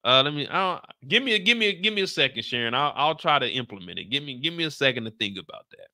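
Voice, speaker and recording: A man's voice: mid-range voice, sing-song, quick pace, sharp tone, dry recording, studio quality. A man with an American accent recapping a TV episode in casual, slangy chat, reading out viewer questions and reacting playfully. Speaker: show recap host.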